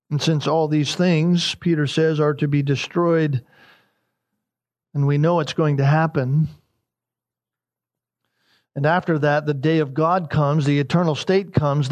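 A man preaching a sermon in a high voice. He is emphatic and repeats his key lines. His pitch climbs even higher when he stresses a point. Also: measured pace, long pauses. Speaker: pastor.

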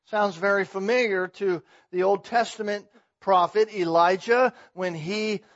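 High-voiced emphatic male preacher. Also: steady tone, a little slow. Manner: emphatic, building intensity on key points. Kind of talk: expository sermon. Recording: slightly muffled lo-fi sound.

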